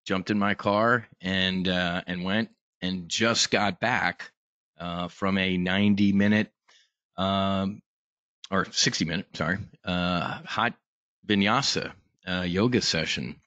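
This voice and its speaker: A man's voice: sits low, fairly even intonation, takes it slowly, pushed and bright, no echo, lo-fi sound. A man hosting a live trading brief, talking casually with lots of fillers and restarts, blunt and sometimes profane. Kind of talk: casual live market talk.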